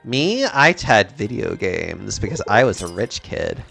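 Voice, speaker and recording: A man from Texas chatting casually while streaming a game, animated and rambling, often laughing. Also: on the low side, a little slow, vocal fry, faint music behind.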